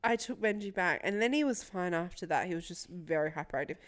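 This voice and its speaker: A woman's voice: lowish voice, animated, fast talker. A young woman co-hosting a podcast, rambling through a story in casual chat, swearing freely and laughing often. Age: young adult. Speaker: podcast co-host.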